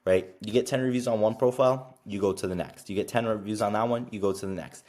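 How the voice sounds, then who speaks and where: Young man, very low voice, from Canada, casual explainer, loose filler-heavy talk. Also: darkish tone. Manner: fast, filler-heavy with frequent "like" and "literally". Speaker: online business creator. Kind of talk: casual screen-share explainer.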